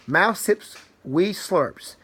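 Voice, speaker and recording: A man's voice: sits high, drawn-out words, husky. A man reads a rhyming picture book aloud to a young child, swinging his voice up and down with lots of expression. He is encouraging and playful, stopping to praise the child's guesses. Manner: animated, sing-song, praises the child.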